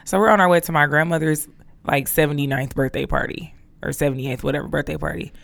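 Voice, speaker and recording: A podcast co-host telling stories in casual chat, cursing freely and animated. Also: mid-range voice, fast talker, vocal fry. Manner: animated storyteller, cursing freely, acting out quotes in a raised voice.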